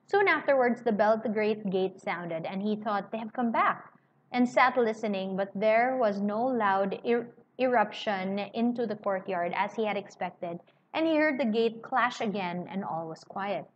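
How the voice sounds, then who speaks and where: A woman's voice: mid-range voice, moderate pace. Woman reading and explaining a novel. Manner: reads, then paraphrases in casual asides. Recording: slightly muffled with faint hiss.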